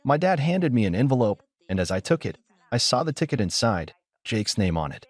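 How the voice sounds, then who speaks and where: A man narrating a first-person story in a steady, measured way. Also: mid-range voice, no room sound.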